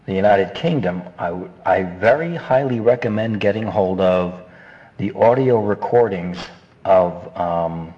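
Man with a low voice, coaching on voice acting. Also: lo-fi sound. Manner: animated, rambling, throws in quick character voices. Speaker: voice acting instructor. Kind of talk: casual instructional talk.

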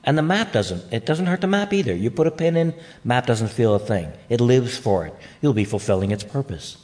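A man's voice: mid-range voice, lively intonation, fairly quick, a little mellow. A congested man hosting a podcast in a casual, joking, rambling way. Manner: jokey, rambling asides. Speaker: podcast host. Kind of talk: casual chat.

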